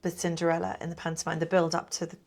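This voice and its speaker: Middle-aged woman, lowish voice, chatty panto performer acting out stories. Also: rapid-fire. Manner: chatty, animated storyteller who acts out quotes. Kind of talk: casual interview chat.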